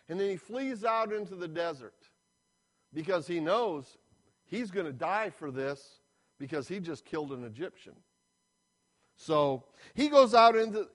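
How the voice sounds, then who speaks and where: A man preaching a sermon as a retold story, with dramatic, drawn-out emphasis. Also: sits high.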